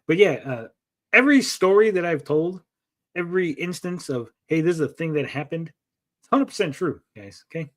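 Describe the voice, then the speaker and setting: A man's voice: fairly high pitch, animated, normal speed. A man hosting a casual livestream, rambling and joking as he reads out chat messages. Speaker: livestream host.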